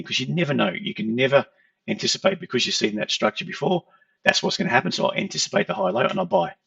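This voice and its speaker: Gravelly man explaining charts. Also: fairly high pitch, fairly bright tone, no echo. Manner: explanatory, conversational, repeats "okay". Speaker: trading educator. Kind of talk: chart walkthrough lesson. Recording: dull lo-fi, distant from mic.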